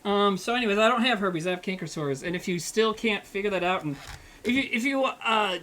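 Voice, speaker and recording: A man's voice: sits high, a little fast, bright, forceful tone. A man, a comedian, chatting casually and swearing freely while he cooks on a livestream. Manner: rambling, profane and joking. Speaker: comedian streamer.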